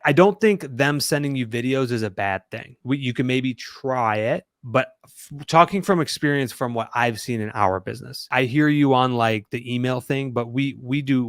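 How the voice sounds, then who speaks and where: A man's voice: medium pitch, no echo, clean studio sound. A man coaching a small business owner, direct and challenging, speaking from his own experience. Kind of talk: coaching conversation.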